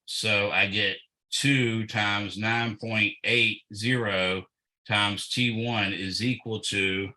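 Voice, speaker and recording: Slow, methodical low-voiced male tutor. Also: steady tone, pushed and bright, rough recording. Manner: slow and methodical, thinking aloud with fillers. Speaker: physics tutor. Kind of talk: working through a problem aloud.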